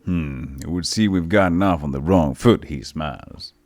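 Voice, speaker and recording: Deep-voiced male streamer, playful theatrical reader with quick asides, dry close sound. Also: a little mellow, no room sound, faint music behind. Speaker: streamer playing a text adventure. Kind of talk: reading and reacting to an AI text game.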